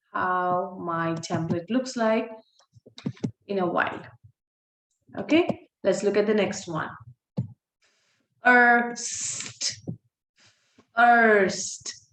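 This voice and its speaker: A woman teaching a recorded online phonics lesson, sounding out words slowly and breaking off with apologetic asides. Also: mid-range voice, reverberant, slight background noise. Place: holiday home by the sea, waves audible.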